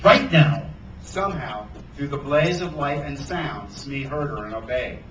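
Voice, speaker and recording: A man, an author, reading a children's adventure novel aloud at a bookstore event with animated storytelling. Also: medium pitch, moderate pace, a crowd in the background. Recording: roomy sound from a distance.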